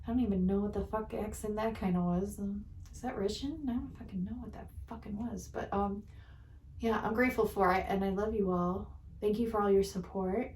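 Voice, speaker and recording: A woman's voice: medium pitch, fairly even intonation, fairly quick, darkish tone, a little hiss or hum. A tired woman reading channeled messages, chatting to her viewers in a rambling, giggly, self-mocking way. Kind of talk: casual rambling chat to viewers. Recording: roomy echo, distant from mic.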